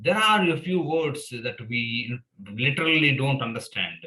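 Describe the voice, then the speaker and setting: A man's voice: a little high, very animated, moderate pace, sharp tone, roomy sound, low-quality recording. Hesitant man. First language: Telugu. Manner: hesitant, with many fillers. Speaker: teacher.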